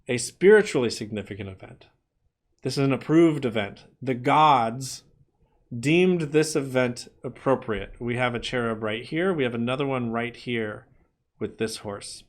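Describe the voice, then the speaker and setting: Guy lecturing art history, mid-pitched, explains things plainly, kinda playful. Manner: explanatory, playful quoted asides. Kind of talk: classroom lecture.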